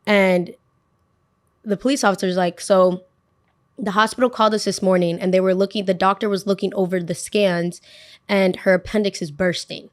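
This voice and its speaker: Animated young woman telling a story. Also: mid-range voice, normal speed. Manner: animated, acts out what people said. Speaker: podcast host. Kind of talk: casual storytelling.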